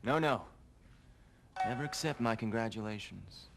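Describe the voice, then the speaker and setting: A man voices a stern coach with a low, gravelly voice who delivers his lessons solemnly. Music plays clearly behind him. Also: moderate pace. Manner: solemn, clipped instructions. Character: intense older male sports coach, mentor.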